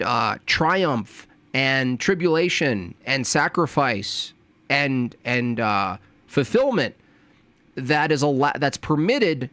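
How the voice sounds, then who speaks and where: A man hosting a reaction commentary, scornful and preachy, jumping from loud jabs to low mutters. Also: no echo. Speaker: commentary host.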